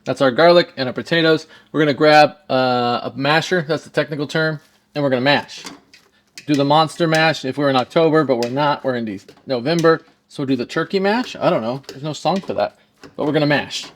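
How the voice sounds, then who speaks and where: A man's voice: on the high side, a little fast, slight background noise. A man hosting a casual cooking demonstration, talking straight to the viewers with lots of jokes. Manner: jokey, talks straight to viewers. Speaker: home cook.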